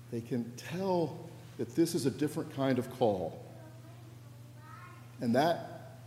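A man's voice: mid-range voice, darkish tone, a little hiss or hum. A middle-aged man, a pastor, preaching a sermon in a reflective, personal storytelling way in a church. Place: church sanctuary. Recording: echoey church hall with faint ambience.

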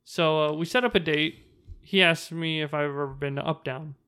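Man, high bright voice, animated casual storyteller acting out quotes. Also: moderate pace, clean tone. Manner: animated, acts out quotes in raised voice.

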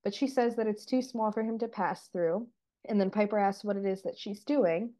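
A woman co-hosting a podcast, casually recapping and discussing a TV episode in a relaxed, chatty way full of fillers. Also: mid-range voice, moderate pace. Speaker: podcast co-host.

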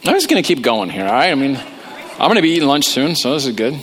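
A man's voice: medium pitch, very animated, quick pace, fairly bright tone, a little hiss or hum. A man preaching a humorous sermon, talking conversationally and joking about himself. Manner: joking, conversational, self-deprecating. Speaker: pastor.

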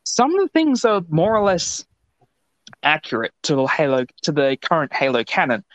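A man's voice: a little high, normal speed, no room sound. A man from Australia, co-hosting a podcast in casual, rambling chat. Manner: rambling, animated storytelling. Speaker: podcast co-host. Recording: dull lo-fi podcast audio.

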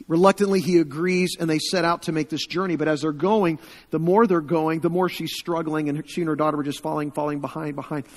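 A man preaching a sermon, retelling a story with quoted voices, rising louder at emotional peaks and dropping to hushed tones. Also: on the high side, long reverb tail.

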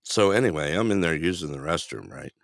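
A man's voice: a bass voice, brisk, vocal fry, no echo, studio quality. A man co-hosting a talk show, telling stories with lots of laughter. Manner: laughing storyteller, animated. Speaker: radio show co-host. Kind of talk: casual chat show banter.

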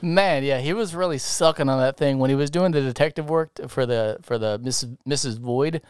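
Male co-host, loose and profane, very smooth voice, dry recording. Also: mid-range voice, brisk, a little mellow, no echo. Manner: laughs often, swears casually. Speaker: podcast co-host. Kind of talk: casual movie review chat.

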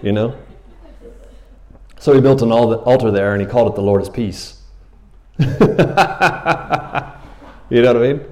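A middle-aged man preaching a sermon, telling a story in a casual, animated way with slang and laughs. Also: mid-range voice, measured pace, pauses often. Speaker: pastor.

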